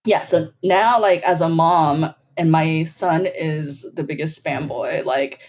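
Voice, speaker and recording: A woman on a podcast telling childhood stories in an animated way, laughing often and filling her talk with "like". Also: deep voice, slow pace. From grew up between Bolivia and the US. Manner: animated storyteller, laughing often, with frequent "like" fillers. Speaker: podcast guest. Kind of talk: casual podcast chat.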